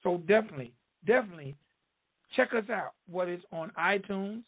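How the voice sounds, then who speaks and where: High-voiced Southern man hosting, phone-thin. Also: animated, a little fast, slightly rough, phone-quality sound. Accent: Southern US drawl. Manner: emphatic, repetitive promo patter. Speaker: radio show host. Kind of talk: hyped-up podcast interview hosting.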